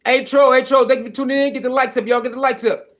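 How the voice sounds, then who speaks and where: High-voiced man hosting a casual livestream. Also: quick pace. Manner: animated, repetitive, reads chat comments aloud. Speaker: livestream host.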